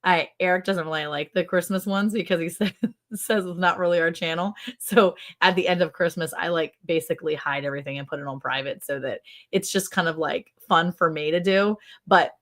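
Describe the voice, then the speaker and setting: A middle-aged woman hosting a casual livestream chat. She is chatty, quick to laugh, and fills her talk with "like". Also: fairly low pitch, fairly bright tone. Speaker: ranch channel host.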